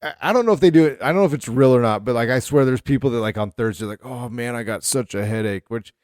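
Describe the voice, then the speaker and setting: A man's voice: medium pitch, very fast, no room sound, clean studio sound. A middle-aged man co-hosting a podcast, telling rambling stories with lots of fillers in casual chat. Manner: rambling, animated storyteller with many fillers. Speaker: podcast co-host.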